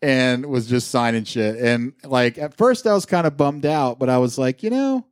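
A man's voice: medium pitch, moderate pace, clear, resonant tone, no echo, clean studio sound. A man co-hosting a podcast, telling a long rambling anecdote with lots of fillers and casual swearing. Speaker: podcast co-host. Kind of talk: casual chat, storytelling.

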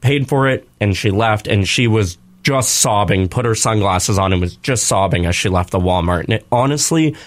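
A man hosting a radio show, telling a long personal story in an earnest, rambling, animated way. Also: lowish voice, moderate pace, few pauses. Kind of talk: casual on-air storytelling.

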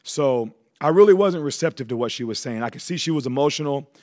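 A man guest telling his personal testimony in a relaxed, conversational way, with frequent fillers. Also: medium pitch, quick pace. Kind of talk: casual storytelling.

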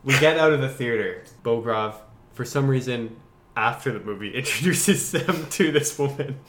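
A man co-hosting a podcast, chatting casually as he pitches a story and laughing often. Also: expressive, moderate pace, fairly bright tone, reverberant. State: has hiccups. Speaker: podcast co-host.

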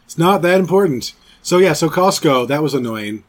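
Forties guy hosting a podcast, bit higher voice, rambly and jokey, swears some. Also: lively intonation, normal speed. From Canada. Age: 40s. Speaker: podcast host. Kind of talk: casual chat.

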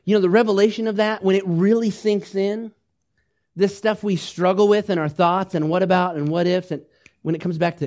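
A male pastor delivers a sermon in a voice pitched a little high for a man. He swings between loud, urgent emphasis and soft, tender asides, and keeps drawing the congregation in with questions and calls to repeat after him. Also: steady tone, a little fast. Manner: asks the congregation questions and leads them in repeating phrases.

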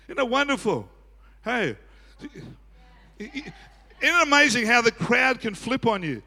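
A man preaching a sermon as pastor, swinging from quiet asides to loud shouting and often chuckling. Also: high voice, very animated, a little slow, long pauses. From Australia. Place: church auditorium. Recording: echoey church hall.

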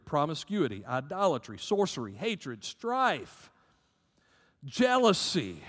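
A man's voice: high voice, a bit bright, long reverb tail. A man with a Southern American accent preaching a sermon as pastor, emphatic, rising and dropping in volume.

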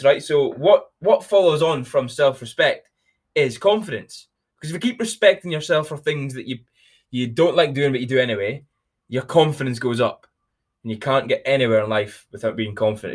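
A young man hosting a motivational podcast, talking bluntly and energetically with plenty of swearing. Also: mid-range voice. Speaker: podcast host.

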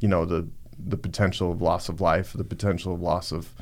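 A man on a podcast, recounting a personal story in a halting, reflective way with many fillers. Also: low-pitched, little pitch movement, vocal fry. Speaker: podcast guest. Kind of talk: casual storytelling.

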